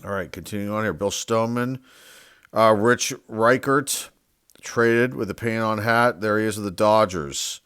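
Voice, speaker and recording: A man's voice: lowish voice, unhurried, fairly bright tone, smooth, dry recording, studio quality. A man hosting his own channel, reading out names one by one in casual commentary and musing aloud, sometimes unsure how to say them. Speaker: sports card collector and channel host.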